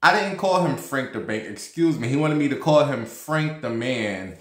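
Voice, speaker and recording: In an echoey room, a vlog host in his thirties speaks at normal speed with an expressive, mid-range voice. He chats casually through a story and gossip, peppering it with profanity and fillers.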